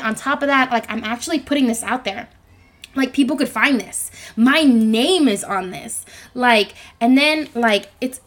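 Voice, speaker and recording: A young woman in her twenties whose high, girlish voice sits a little above most women's. She rambles in a self-conscious, chatty way, full of fillers, as she records a solo podcast alone in her bedroom. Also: fairly bright tone. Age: 20s. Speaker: podcast host. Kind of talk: solo podcast monologue, casual chat. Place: home bedroom. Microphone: microphone.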